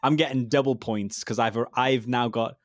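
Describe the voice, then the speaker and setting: A man's voice: mid-range voice, steady tone, normal speed, dry recording, studio quality. A man co-hosting a casual podcast, joking and bantering with his guest. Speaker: podcast co-host.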